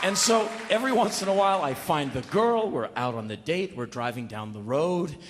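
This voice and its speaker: A male comedian doing a stand-up set, ranting in an animated, mock-shouting way. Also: on the high side, normal speed, a loud crowd, very noisy.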